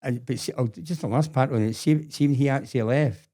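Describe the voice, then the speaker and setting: Animated older man, mellow voice. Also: mid-range voice, brisk. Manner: animated storyteller acting out quotes, repeats words. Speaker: guest. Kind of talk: casual storytelling interview.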